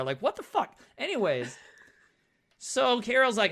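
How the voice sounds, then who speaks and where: A man's voice: sits high, big pitch swings, moderate pace, creaky, a bit bright. A man co-hosting a podcast, chatting casually and jokily about a movie, rambling and swearing freely. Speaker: podcast co-host.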